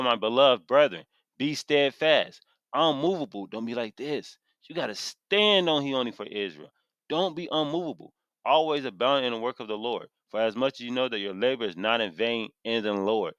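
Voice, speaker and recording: A man's voice: fairly low pitch, fairly bright tone, clean tone, no echo. Fired-up preaching man, dry close sound. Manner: impassioned, preachy, reads verses aloud then repeats them with emphasis. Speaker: street preacher teaching scripture. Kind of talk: fiery scripture sermon to camera. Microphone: camera mic.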